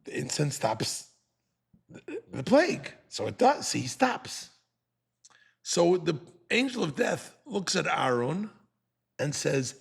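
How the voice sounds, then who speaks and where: A man's voice: a little high, sing-song, slow pace, creaky, pauses often, breathy edge. A man, a rabbi teaching a Torah class, animatedly dramatizing the text.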